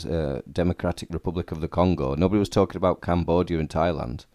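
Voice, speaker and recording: Very deep-voiced man, blunt commentary. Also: steady tone, fast talker, hardly any pauses, a little mellow, no echo, studio quality. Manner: hesitant, many fillers, blunt opinions. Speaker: commentator reacting to a video. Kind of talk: casual reaction commentary.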